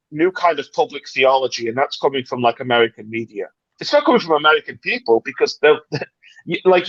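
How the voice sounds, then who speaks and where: A British man in casual livestream chat, talking in an animated, dramatic, rambling way with many restarts. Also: on the high side, dry recording, muffled recording. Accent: British English. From Britain. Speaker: livestream panelist.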